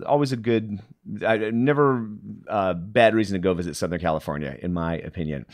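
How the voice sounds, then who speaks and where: A man hosting a music podcast, giving a chatty, upbeat news rundown with offhand asides. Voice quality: animated, swinging pitch. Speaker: podcast host.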